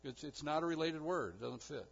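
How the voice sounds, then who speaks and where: A husky-voiced male pastor delivers a sermon with strong emphasis. He swings from loud, rising declarations to quiet, low-pitched lines. The recording sounds dull and muffled. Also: lively intonation, brisk.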